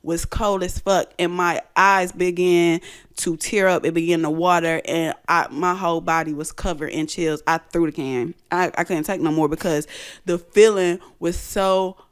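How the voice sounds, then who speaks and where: A woman hosting a radio show and telling a story in casual chat, animated and profane, often laughing. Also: lowish voice, moderate pace, clean tone.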